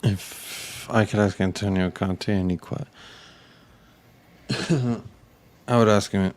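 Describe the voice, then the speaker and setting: A man's voice: on the low side, steady tone, slow, a little hiss or hum. A man as a guest in a casual chat, wisecracking and teasing the others.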